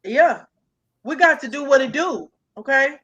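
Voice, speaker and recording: Bright-voiced young woman, animated. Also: sits high, dull audio. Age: young adult. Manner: animated, drawn-out emphatic hustle talk. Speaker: podcast co-host. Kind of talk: casual chat.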